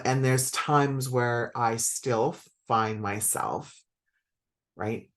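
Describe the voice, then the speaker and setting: A middle-aged woman talking as a spiritual coach to her audience, conversational and reflective, with many fillers and self-corrections. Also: very deep voice.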